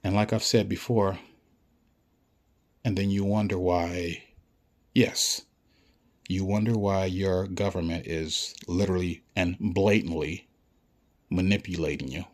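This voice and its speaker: Blunt, profane man with a deep voice. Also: steady tone, a little slow, pauses often. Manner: blunt, profane, lecturing directly at the listener; repeats himself for emphasis. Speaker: vlogger. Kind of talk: ranting monologue to camera.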